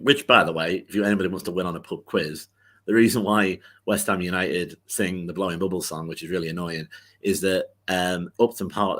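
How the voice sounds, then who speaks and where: A man's voice: sits low, a bit bright. A man co-hosting a football podcast, telling a long rambling anecdote in casual chat, full of fillers and restarts.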